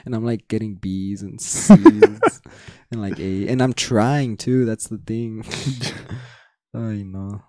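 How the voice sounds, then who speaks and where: Speaking slowly in a fairly low, warm voice, this young podcast co-host chats casually, rambling with fillers, restarting sentences and laughing a lot. The audio is studio quality and free of room sound.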